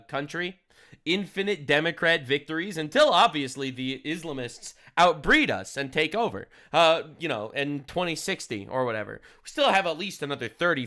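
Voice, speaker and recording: Bright-voiced ranting man commentator. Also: on the high side, clean tone. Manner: crude, heated and sarcastic. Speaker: streamer commentator. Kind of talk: ranting commentary over clips.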